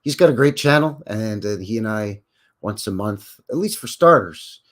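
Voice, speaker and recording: A man's voice: lowish voice, animated, moderate pace. A man hosting a rambling live stream, talking with viewers in a folksy, conversational way full of fillers and asides. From Canada. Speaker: livestream host.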